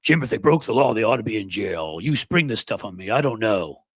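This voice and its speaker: A man's voice: lively intonation, a little fast, breathy edge, no room sound. A man doing a mocking impression of a whiny, evasive male congressman who stammers and dodges. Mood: whining. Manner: whining, stammering, pitched up.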